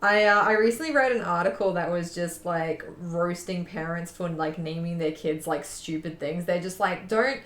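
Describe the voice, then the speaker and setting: A woman's voice: fairly low pitch, moderate pace, hardly any pauses, fairly bright tone. A young woman chatting casually to her viewers, rambling with lots of fillers and repeats. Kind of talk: casual chat. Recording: echoey room.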